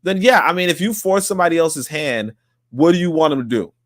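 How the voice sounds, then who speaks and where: A man with a fairly high voice talks in a loose, rambling way, looping back over his own phrases and swearing freely. His voice is recorded very dry and close, with no room sound. He sounds like a podcast guest arguing his point. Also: brisk, no room sound. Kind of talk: casual debate talk.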